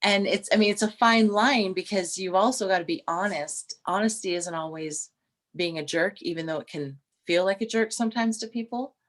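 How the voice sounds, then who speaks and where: A middle-aged woman co-hosting a casual chat, telling stories with restarts and animated quoted voices. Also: medium pitch, moderate pace. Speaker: podcast co-host.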